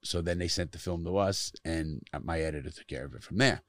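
A man's voice: low voice, fast, no room sound, clean studio sound. A middle-aged man telling stories from his life in casual conversation, blunt and emphatic, cursing often to stress his points. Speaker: guest, former prisoner who speaks to youth.

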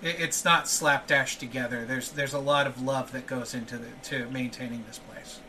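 A man's voice: medium pitch, fairly even intonation, normal speed, distant mic, noisy background. A man narrating a tabletop game as game master, hesitant with frequent filler sounds.

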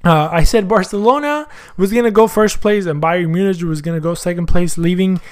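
A man's voice: high voice, brisk, clean tone. A man hosting a soccer podcast in casual chat, slangy and thinking aloud as he goes. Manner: chatty, thinks aloud, asks himself questions.

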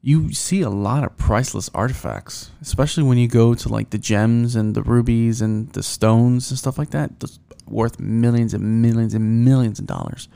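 Rambling, profane young man with a gravelly voice. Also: medium pitch, warm tone. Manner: profane, rambling, with many fillers. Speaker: podcast host. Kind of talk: casual solo podcast rant.

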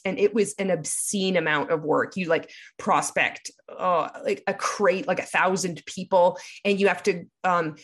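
A woman telling her story candidly in an interview, swearing freely and growing heated and animated. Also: mid-range voice.

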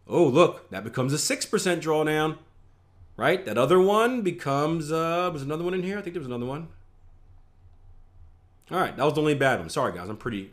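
A man teaching trading in a relaxed, chatty way, walking through his results. His pitch sits at a middling level for a man. He keeps checking in with "right?" and adds teasing, boastful remarks along the way. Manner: conversational, repeats words, asks "right?" often; playful boastful asides. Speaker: trading instructor. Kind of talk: screen-share trading lesson.

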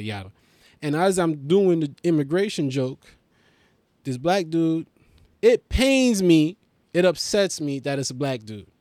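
A man from Haiti hosting a podcast, telling a street story in a casual, profane, animated way and acting out other people's voices. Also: mid-range voice, no echo. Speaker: podcast host, comedian.

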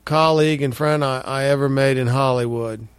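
A middle-aged man at a mid-range pitch tells stories on a close, dry mic with no room sound around him. He talks casually and often repeats his words in little stammers. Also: steady tone, normal speed, clean tone, no echo. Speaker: actor guest. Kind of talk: casual conversational storytelling.

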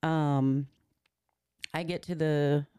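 A woman's voice: deep voice, fairly even intonation, very slow, warm tone, clear, resonant tone, dry recording, clean studio sound. A woman in her forties, a podcast guest, earnestly recounting a personal story step by step and slipping into the words of the people in it. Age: 40s.

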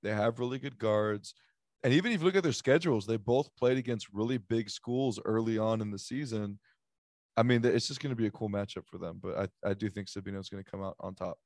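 Fairly low-pitched and darkish in tone, this sports podcast host talks fairly quickly as he goes over his picks. His casual chat is full of jokes, rambling, and fillers, captured in a dry, clean studio recording.

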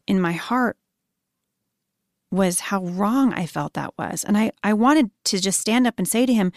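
A woman in her thirties giving an earnest devotional sermon, softly emphatic and slowing down when she quotes scripture. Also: medium pitch, no room sound, clean studio sound. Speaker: Christian speaker.

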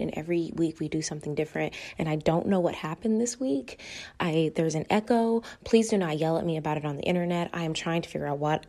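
A woman's voice: sits low, a little mellow, dry recording. A woman co-hosting a casual true-crime podcast, chatty and self-deprecating. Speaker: podcast co-host.

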